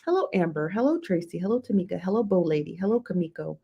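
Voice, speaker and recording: A woman's voice: on the low side, animated, fast, vocal fry, slightly rough, muffled recording. A woman hosting a casual livestream, chatting with viewers, greeting them by name and laughing often, recorded on a phone. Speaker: livestream host.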